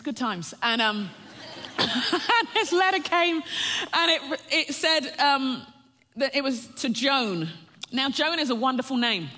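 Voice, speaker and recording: A woman's voice: a little high, pushed and bright. Woman preaching in an echoey hall. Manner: storytelling, often breaks into a laugh, calls the listeners "friends". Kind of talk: personal testimony sermon. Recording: long reverb of a large hall.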